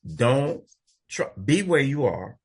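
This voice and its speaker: A man's voice: medium pitch, sing-song, slow pace, darkish tone, slightly rough. A man from Los Angeles, co-hosting a recovery podcast, talks in an earnest, folksy way like a preacher. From Los Angeles, USA. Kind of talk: conversational sharing.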